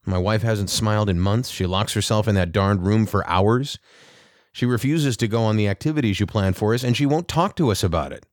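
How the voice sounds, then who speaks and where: A man's voice: fairly low pitch, brisk, no room sound, clean studio sound, close to an everyday voice. A man voicing an anxious, insecure husband who speaks uncertainly and apologetically. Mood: distressed. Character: anxious insecure young husband, eager to please.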